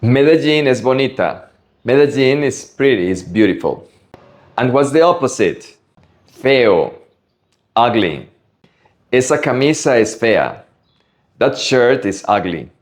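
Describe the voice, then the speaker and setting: A man from Latin America teaching Spanish vocabulary, slowly drilling pronunciation word by word. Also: medium pitch, animated. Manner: slow, careful pronunciation drills. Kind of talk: vocabulary lesson.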